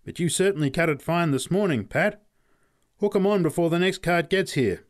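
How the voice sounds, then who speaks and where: A man's voice: on the high side, normal speed, pitched above the performer's own voice, close to an everyday voice. A man voicing a hearty, teasing factory worker calling down to a carter. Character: bluff, jokey male factory hand.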